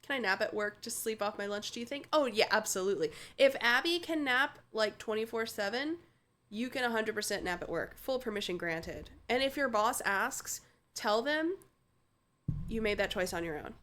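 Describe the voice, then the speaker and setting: A woman's voice: on the high side, lively intonation, moderate pace, fairly bright tone. Giggly, playful woman streamer. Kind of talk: casual game commentary.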